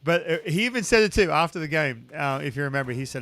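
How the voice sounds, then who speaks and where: Bright, emphatic man. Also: on the high side, fast talker. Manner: animated, emphatic, lots of "dude" and "man". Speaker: podcast host, former pitcher. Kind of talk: casual chat.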